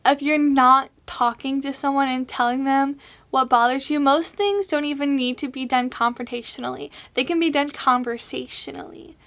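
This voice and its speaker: A young woman hosting a casual faith-based vlog, giving earnest advice with self-mocking asides and animated emphasis. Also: high-pitched, normal speed. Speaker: vlog host.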